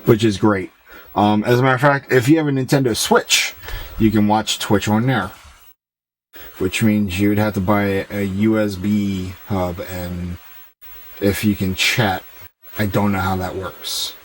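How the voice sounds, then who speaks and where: Low-voiced man chatting on a game stream. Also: steady tone, unhurried, slight background noise, low-quality recording. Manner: rambling, loose and joking, reads chat aloud. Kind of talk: casual chat with stream viewers while gaming.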